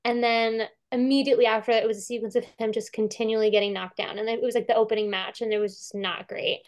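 A woman's voice: on the high side, little pitch movement, fast. A woman curator chatting casually about a film over a video call, talking with many fillers and restarts and acting out quotes.

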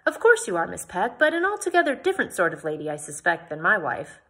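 A woman reading as an eager gentleman scholar. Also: fairly low pitch, wildly swooping pitch, quick pace, exaggerated voice. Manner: eager, jolly, exclaiming. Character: enthusiastic bearded male gentleman scholar.

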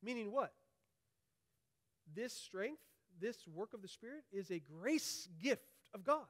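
A male pastor preaching an emphatic sermon, often checking in with his listeners through quick tag questions. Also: sits high, animated, fairly bright tone.

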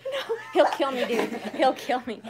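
A middle-aged woman chatting excitedly and frankly on a live phone stream from her home shed. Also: high voice, normal speed, very noisy. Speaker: purse vlogger. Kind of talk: casual live-stream chat. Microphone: phone camera.

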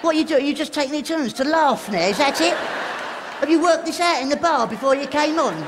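A man's voice: very high voice, a little fast. A man doing live stand-up prop comedy, giggling often and teasing the audience from a theatre stage. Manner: giggly, breaks into laughter, teases the audience. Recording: live show with loud audience laughter and noise.

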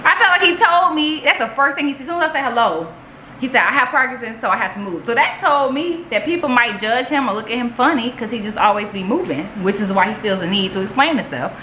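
A woman's voice: on the high side, fast, a little hiss or hum. A woman vlogging in casual chat, telling stories. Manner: animated storytelling with laughs and squeals.

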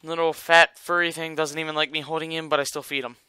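Chatty young man, bright clear voice. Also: on the high side, level tone, fast talker, no room sound. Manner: rambling, jokey, talks to viewers. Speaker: gaming YouTuber. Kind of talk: casual gameplay commentary.

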